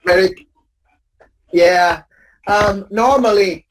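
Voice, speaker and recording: A woman's voice: mid-range voice, takes it slowly, pauses often, low-quality recording. A woman teaching English pronunciation in a class drill, patiently correcting students and repeating each word as a model.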